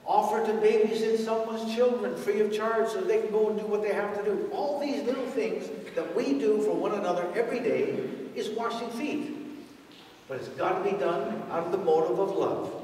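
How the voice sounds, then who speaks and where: A man's voice: high-pitched, a little hiss or hum. A man preaching a sermon in a conversational way, asking his congregation rhetorical questions. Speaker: priest. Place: large church. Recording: echoey church from far off.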